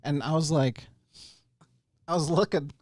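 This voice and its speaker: A man's voice: fairly high pitch, measured pace, a little mellow, a little hiss or hum. A man co-hosting a casual live-stream chat, teasing and joking with his friend. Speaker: co-host.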